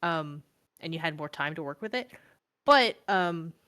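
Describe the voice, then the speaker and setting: Young woman, low voice, casual rambling talk, many fillers, laughs a lot. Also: animated, unhurried, pushed and bright, smooth. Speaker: stream co-host. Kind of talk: casual chat about miniature painting.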